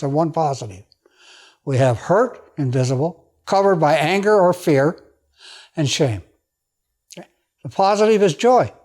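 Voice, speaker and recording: High-voiced man giving a casual lecture. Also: a little mellow. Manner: conversational, checks in with the audience with frequent "okay?"; moves around while talking. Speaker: speaker giving a public talk. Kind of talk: informal lecture. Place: library event room.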